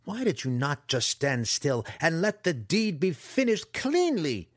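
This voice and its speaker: A man voicing a cruel, disfigured male dark elf wizard in an audiobook, growling and drawing out his words in snarls. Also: mid-range voice, sing-song, dry recording, clean studio sound. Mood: furious. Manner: growling, roaring, drawn-out snarls. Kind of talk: audiobook character voice.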